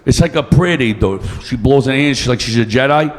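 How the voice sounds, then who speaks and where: A brisk, mid-range male voice belongs to a stand-up comedian teasing the crowd with brash, profane jokes. He's on a comedy club stage, with the long reverb of the club room in the recording.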